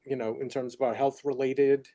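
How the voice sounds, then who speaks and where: A man's voice: mid-range voice, flat delivery, moderate pace, dark tone. A man with a New York accent, a faculty researcher explaining career paths in a chatty, filler-heavy way on a university panel. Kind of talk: panel discussion.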